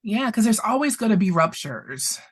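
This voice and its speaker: A woman's voice: medium pitch, sing-song, normal speed, husky. A woman therapist presenting as a guest, telling a story expressively, laughing often and getting emotional. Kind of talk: animated storytelling in conversation.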